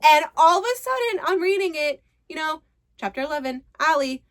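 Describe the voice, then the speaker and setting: A woman's voice: high-pitched, animated, a little fast. A woman casually recapping a book, chatty, retelling scenes and quoting characters' lines. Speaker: book reviewer.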